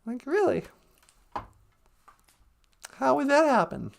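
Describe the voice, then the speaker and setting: A woman hosting a casual comedy podcast. Her high voice bounces around a lot and has a gravelly fry, and she talks slowly and with a playful, giggly tone. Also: huge pitch swings, a little hiss or hum. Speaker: podcast host.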